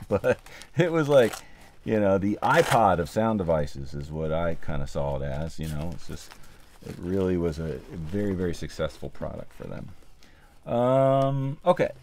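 This low-pitched, somewhat mellow male voice comes with slight background noise. The speaker, a livestream host and sound mixer, chats casually and a bit breathlessly while assembling gear, filling his thinking-aloud with ums and responding to viewers.

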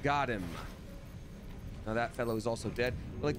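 A man's voice: mid-range voice, moderate pace. A man streaming a video game with casual, playful commentary and silly asides. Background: game music.

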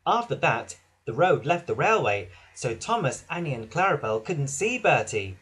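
A man reading a children's storybook aloud in an expressive, sing-song way. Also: a little high, normal speed, slightly rough. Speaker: narrator.

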